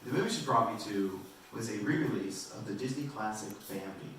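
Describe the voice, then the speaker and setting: A man doing a stand-up comedy set in a club, rambling and self-deprecating, with halting restarts. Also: fairly low pitch, fairly bright tone. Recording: roomy and distant, faint noise.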